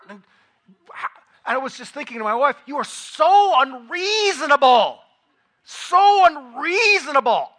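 Bright-voiced man preaching a story. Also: high-pitched. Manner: conversational storytelling, rising to loud acted outbursts. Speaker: pastor. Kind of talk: sermon with personal anecdote.

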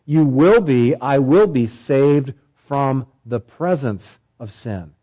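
A male pastor delivering a sermon, emphatic, with swelling pitch and repeated phrases. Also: animated, slow pace, mellow, rough recording.

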